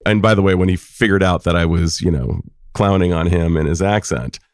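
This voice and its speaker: A middle-aged man hosting a podcast, telling family stories in a lively way and laughing now and then. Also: sits low, fairly quick, no room sound, studio quality. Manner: warm, laughing storytelling. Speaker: podcast host, psychologist. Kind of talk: personal storytelling.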